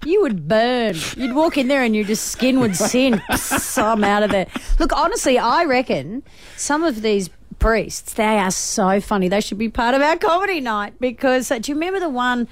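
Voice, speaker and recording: A woman co-hosting a radio show, teasing and expressive in banter. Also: a little high, normal speed. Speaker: radio co-host.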